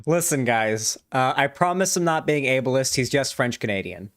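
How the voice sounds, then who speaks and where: A man's voice: mid-range voice, animated, moderate pace, fairly bright tone. A man hosting a casual livestream, chatting and reading donations in a rambling way with many fillers. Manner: rambling, full of fillers and restarts. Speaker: livestream host. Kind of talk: casual live chat.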